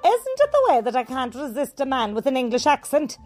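A woman's voice: sits high, sing-song, a little fast, darkish tone, soft background music. A woman with a North Cork accent voicing a crude, earthy, chatty rural woman.

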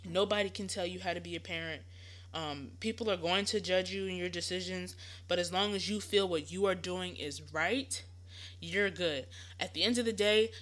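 A woman's voice: on the low side, sharp tone. A young woman, hosting a podcast and giving casual, reassuring parenting advice with lots of fillers. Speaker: podcast host.

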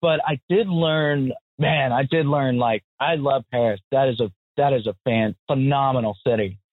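An American man telling stories in a casual chat, animated and blunt, swearing freely. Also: medium pitch, moderate pace, no room sound. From United States. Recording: tinny phone-like audio, dry.

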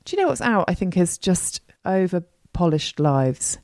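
Low, warm-voiced woman. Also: big pitch swings, normal speed, dry recording, clean studio sound. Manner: friendly and matter-of-fact, with affectionate slang. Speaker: podcast co-host, interiors expert. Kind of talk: casual chat.

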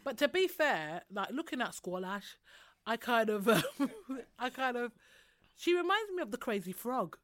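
A woman's voice: fairly high pitch, very animated, normal speed, a bit bright, dry recording. A young woman, chatting casually and teasing with a laugh. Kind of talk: casual chat.

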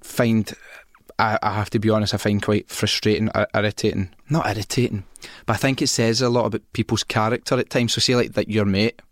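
A Scottish man hosts a casual podcast and talks frankly, thinking out loud as he goes. His voice sits fairly low and sounds close and dry. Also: level tone, a little fast, dry recording. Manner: frank and chatty, thinking aloud. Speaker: podcast host.

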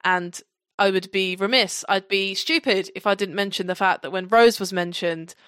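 Gushing woman co-host, mid-pitched, dry. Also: normal speed, clear, resonant tone, dry recording. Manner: gushing, excitable, reads from notes. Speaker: podcast co-host. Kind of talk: casual fan chat.

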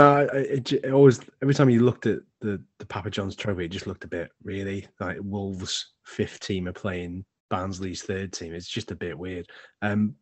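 A man with a lowish voice co-hosts a chatty fan podcast. He rambles, restarts his sentences and laughs readily. The sound is close and dry. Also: no echo. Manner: rambling, laughs easily, stumbles over words. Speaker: podcast co-host. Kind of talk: casual football fan chat.

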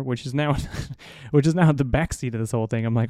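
A man's voice: medium pitch, fairly quick, few pauses, mellow, no room sound. A man hosting a podcast, telling a long story in a rambling, profane, self-deprecating way through a studio mic. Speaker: podcast host. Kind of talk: casual storytelling monologue. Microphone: studio mic through an audio interface.

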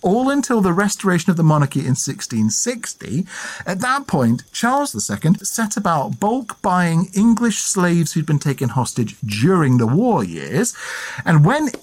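Brief: playful podcast storyteller, man, with a lively, swooping delivery and a faint husk. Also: high-pitched, normal speed. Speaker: podcast co-host. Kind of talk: storytelling history chat.

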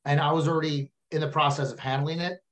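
A man with a Texan accent, a comedian chatting casually and telling animated stories as a podcast guest. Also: a little high, fast talker. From Texas. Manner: animated storyteller, slips into silly voices.

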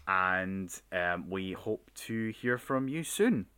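A man's voice: deep voice, lively intonation, slow, pushed and bright, clean tone. A man co-hosting a casual science podcast, rambling with frequent ums. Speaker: podcast co-host. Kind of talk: casual chat.

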